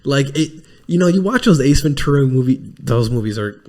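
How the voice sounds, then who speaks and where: A man hosting a podcast in casual chat, rambling with quick restarts and plenty of swearing. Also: mid-range voice. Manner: mimics film lines in lively put-on voices. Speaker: podcast host.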